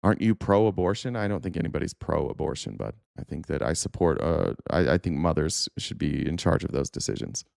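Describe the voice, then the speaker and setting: A man's voice: rumbling low, expressive, fairly quick, vocal fry, hardly any pauses, darkish tone, no echo, studio quality. Furious, cursing man on a live stream. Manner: angry, profane ranting with sarcastic mock quotes. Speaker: political talk show host. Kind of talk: live-stream commentary, answering chat.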